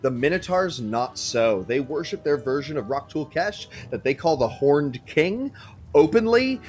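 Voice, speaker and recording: A man running a tabletop game, his delivery animated and casual and peppered with swearing. His pitch sits in a middling range. Faint music plays behind him. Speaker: game master.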